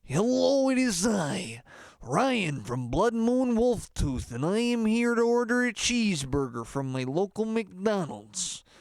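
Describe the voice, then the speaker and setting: A man's voice: sits high, very animated, slow, no echo, studio quality, pitched above the performer's own voice, full character voice. A man putting on the voice of a brash, boastful male rock star, drawn out and bellowed. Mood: bellowing.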